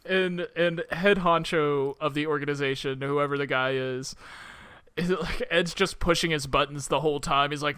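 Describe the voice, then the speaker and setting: A man co-hosting a film podcast in casual chat, laughing often and acting out quick quotes from scenes. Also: a little high, sharp tone, clean tone, dry recording, studio quality. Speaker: podcast co-host.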